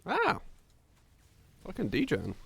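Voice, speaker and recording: A man's voice: high voice, huge pitch swings, takes it slowly, creaky, slightly rough, no echo. A young man streaming live, chatting casually with viewers, ranting and swearing freely as he talks.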